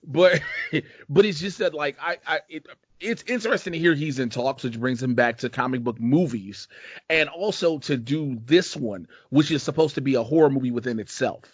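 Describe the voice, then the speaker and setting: Speaking at normal speed with a fairly high, slightly rough voice, this Chicago podcast host rambles casually, swearing and using lots of slang in a laid-back way. The recording is dry, dull and lo-fi.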